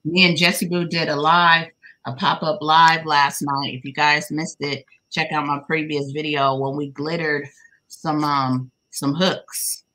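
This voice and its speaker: Low, bright-voiced woman hosting a craft stream. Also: little pitch movement, measured pace. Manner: chatty, greets viewers warmly by name; playful teasing with laughter. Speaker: livestream host. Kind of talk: casual livestream chat while crocheting.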